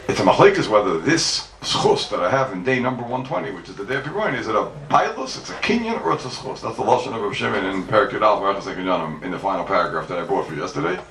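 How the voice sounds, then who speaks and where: A man's voice: fairly low pitch, expressive, fast, creaky, hardly any pauses, fairly bright tone. A man teaching Talmud to a congregation as a rabbi, emphatic, asking and answering his own questions and repeating key points. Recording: echoey room mic from far off, faint background noise.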